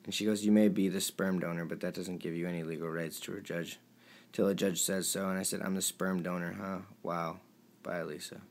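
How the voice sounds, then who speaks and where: Gravelly low-voiced young man. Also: fairly even intonation, fairly quick. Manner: emotional, pleading, voice drops low and quiet at times. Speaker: vlogger. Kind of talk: reading out text messages to camera.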